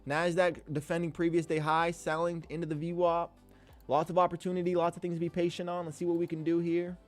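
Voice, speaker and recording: A man hosting a live trading stream, talking in an energetic, slangy way with the odd swear word and frequent shout-outs to viewers by name. His voice sits somewhat high for a man. Faint music plays quietly behind him. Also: a little fast. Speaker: livestream host and day trader. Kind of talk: live trading commentary, casual chat.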